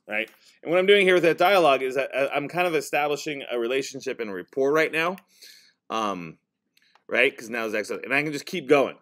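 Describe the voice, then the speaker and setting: A male teacher casually demonstrating software to a high school class, talking as he types and correcting himself along the way. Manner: casual, talks while typing, self-correcting.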